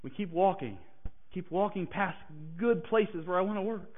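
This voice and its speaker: A man preaching a personal testimony who swings from hushed, halting passages to emphatic declarations. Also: sits high. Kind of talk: sermon testimony. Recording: tinny phone-like sound.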